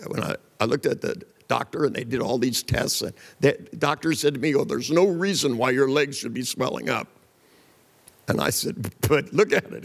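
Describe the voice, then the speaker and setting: Older man with gravelly voice in hall. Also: mid-range voice. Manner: storytelling, acts out voices, blunt and joking. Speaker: seminar speaker. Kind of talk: live seminar talk with anecdotes.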